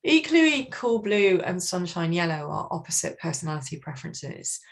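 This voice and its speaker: A lively woman trainer runs an online workshop on communication styles, speaking over a video call. Her delivery is expressive, with frequent lifts in energy. Her pitch sits somewhat low for a woman. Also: moderate pace. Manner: animated, expressive, acts out colleagues.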